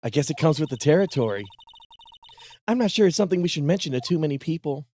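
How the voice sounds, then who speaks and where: A man's voice: on the high side, lively intonation, quick pace, darkish tone. A man streaming a game live, chatting casually with profane, laughing asides. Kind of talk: casual live gaming commentary.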